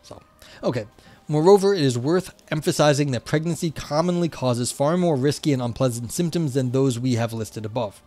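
A man's voice: mid-range voice, moderate pace, warm tone, faint music behind. Casual New York man reading and chatting. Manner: reads academic text then chats loosely with many fillers. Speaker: livestream host reading a paper. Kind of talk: casual livestream chat and reading aloud.

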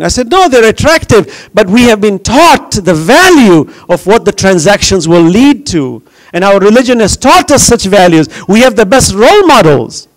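Man, raised in New York, fairly high-pitched, impassioned religious lecture, rhetorical questions. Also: very animated, normal speed, poor audio. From grew up in New York.

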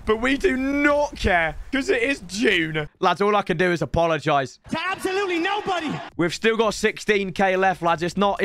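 Excitable hoarse young streamer. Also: male voice, fairly high pitch. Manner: excitable, swings between shouting and grumbling. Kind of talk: live pack-opening stream.

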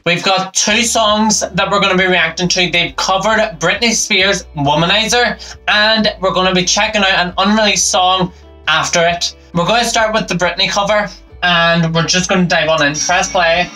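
A man's voice: high-pitched, steady tone, moderate pace, poor audio. A man hosting a reaction channel, giving upbeat, enthusiastic commentary on a concert performance. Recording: concert music playing loud behind. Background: music.

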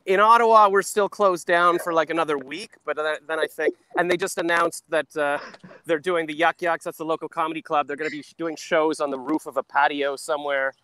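A man's voice: a little high, steady tone, brisk, sharp tone, clear, resonant tone. A Canadian man riffing as a comedy guest on a phone video call from a park, rambling and self-deprecating, with many stammered restarts. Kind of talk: casual riffing chat. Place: outdoors in a park.

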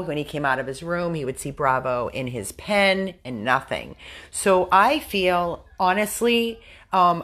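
An American woman with a somewhat low voice makes an earnest appeal on behalf of a rescue dog. She talks straight to viewers in a casual, heartfelt way, now and then slipping into coaxing talk aimed at the dog. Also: a bit bright. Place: room at a dog rescue house.

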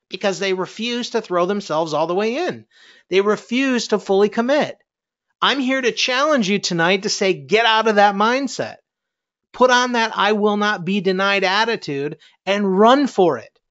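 A man's voice: high-pitched, a bit bright, dull audio. A middle-aged man, a network marketing coach, giving a fiery, preachy motivational talk and challenging his listeners.

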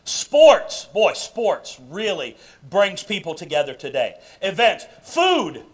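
A man preaching a sermon in a church sanctuary, emphatic and full of questions to the congregation, swinging between loud bursts and quiet asides. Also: high-pitched, big pitch swings, slow, husky. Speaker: pastor. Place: church sanctuary during a live service.

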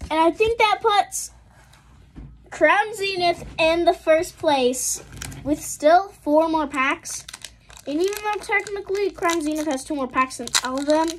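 A woman's voice: very high voice, measured pace, a little hiss or hum. A woman vlogging a trading card unboxing, reading out card names and exclaiming over the good pulls. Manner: excitable, gasping and exclaiming at pulls; reads card names in a list. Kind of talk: casual unboxing commentary.

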